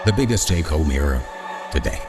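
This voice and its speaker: A man putting on a deep, booming old narrator voice, reading a sponsor ad slowly and gravely. The voice sits extremely low, with loud music playing close behind it. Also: animated. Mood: solemn. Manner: slow, grave, smooth ad read. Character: deep-voiced elderly male narrator impression. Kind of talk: live-read sponsor ad. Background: loud background music.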